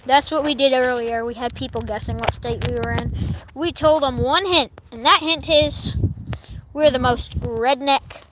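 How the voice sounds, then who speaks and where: A woman's voice: high voice, normal speed, noisy background. A woman with a Kentucky accent hosting a casual livestream outdoors on a horse farm, reading viewer comments aloud and giggling as she chats. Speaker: livestream host reading chat. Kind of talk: casual live-stream chat.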